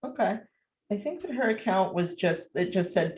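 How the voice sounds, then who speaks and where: A woman co-hosting a podcast, chatting casually and recapping a film in a hesitant, unhurried way. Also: medium pitch, animated, a little mellow. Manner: unhurried, hesitant, with fillers and little laughs. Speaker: podcast co-host. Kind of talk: casual movie recap chat.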